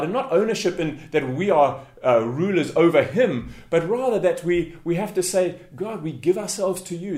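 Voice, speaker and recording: A man's voice: on the high side, a little mellow. An earnest male pastor delivers a sermon with a slightly raised voice, stumbling over and repeating words now and then. His voice rings out through a roomy, echoing church hall.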